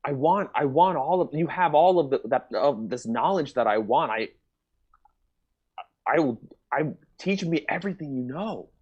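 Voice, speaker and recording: A man's voice: fairly high pitch, expressive, moderate pace, a little mellow, slightly rough, highs cut off. Man playing Charlie, an eager trainee wizard. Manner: eager, stammering, pleading. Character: eager young male trainee wizard, starstruck. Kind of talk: improvised comedy scene.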